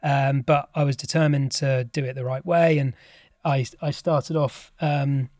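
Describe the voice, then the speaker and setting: A man who is a company chairman, telling his story as a podcast guest in relaxed, self-deprecating chat. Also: medium pitch, a little slow, no echo, studio quality. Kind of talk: casual interview chat.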